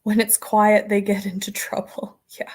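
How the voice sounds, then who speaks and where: A woman's voice: mid-range voice, monotone, moderate pace, husky. Chatty homestead woman on a livestream. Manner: chatty, rambling, laughs often. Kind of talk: casual livestream chat reading comments.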